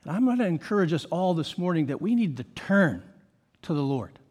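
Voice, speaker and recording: Male pastor, high voice, emphatic sermon delivery full of rhetorical questions. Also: very animated, brisk, a little mellow.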